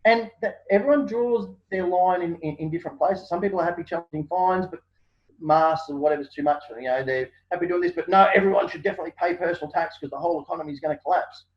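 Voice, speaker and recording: A man's voice: high-pitched, fast. A man, a guest in a casual interview, telling stories animatedly and acting out what people say, with many fillers. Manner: animated storyteller, acts out quotes, many fillers. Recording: dull lo-fi sound.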